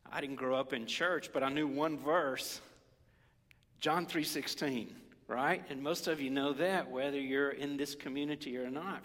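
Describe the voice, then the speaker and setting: A man preaching a sermon in a conversational, animated way, sometimes dropping to a whisper. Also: a little high, in a large hall. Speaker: pastor.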